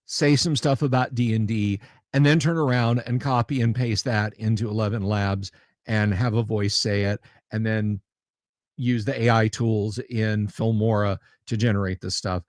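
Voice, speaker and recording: A man hosting a casual livestream chat, talking in a halting way with lots of pauses and restarts, and often repeating himself for emphasis. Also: fairly low pitch, fairly even intonation, darkish tone, no room sound, studio quality. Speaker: livestream host.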